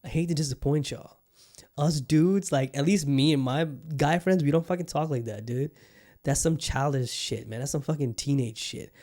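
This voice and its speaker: Man in his 30s, podcast host, casual rambling talk, swears a lot, mellow tone, slightly higher voice. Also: moderate pace. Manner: candid, profane, rambling with many restarts. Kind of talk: casual solo podcast chat.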